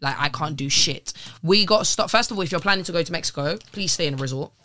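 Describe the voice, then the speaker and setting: A young woman telling travel stories as a podcast guest, casual and animated, swearing and acting out quotes. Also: low voice, fast, slight background noise. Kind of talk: casual storytelling.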